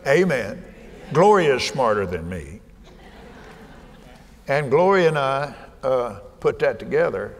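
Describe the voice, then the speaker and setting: An older man preaching a sermon in a folksy way, with joking asides and fervent, shouted peaks. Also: mid-range voice, very animated, slow pace, long pauses. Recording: reverberant hall with faint ambience.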